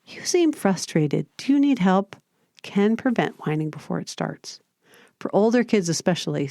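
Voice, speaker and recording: A woman hosting a parenting podcast, giving scripted advice in a calm, steady, explanatory way. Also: lowish voice, dry recording, clean studio sound. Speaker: podcast host.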